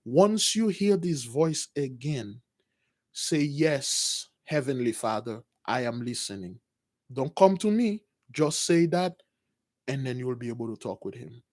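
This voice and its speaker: A man voicing an old male priest who speaks gently and solemnly, in a hushed, slow, deep voice. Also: animated, dry recording, clean studio sound. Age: older.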